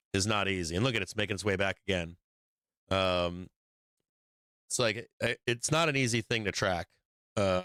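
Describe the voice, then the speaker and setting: A man with a bright, crisp voice and a lowish pitch, riffing through live market commentary. He swears freely and rambles as he sketches charts on the fly. The sound is dry and close, with no room around it. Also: dry recording. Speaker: stock market livestream host.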